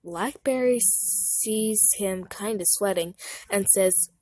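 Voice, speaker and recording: Lively young woman reading a fan story. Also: mid-range voice, slow. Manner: lively, giggly asides.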